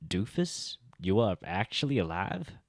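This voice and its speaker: Dude doing a loud blunt huntress lady who roasts everyone. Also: lowish voice, sing-song, unhurried, no echo, studio quality, exaggerated voice. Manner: blunt, mocking. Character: brash relaxed huntress woman.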